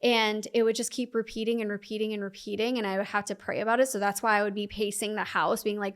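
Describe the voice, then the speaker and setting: Young woman, quick and filler-heavy. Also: mid-range voice, flat delivery, clean tone. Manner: fast, filler-heavy storytelling with frequent "like"; acts out her past self's pleading inner voice. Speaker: podcast guest. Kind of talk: personal story in a podcast interview.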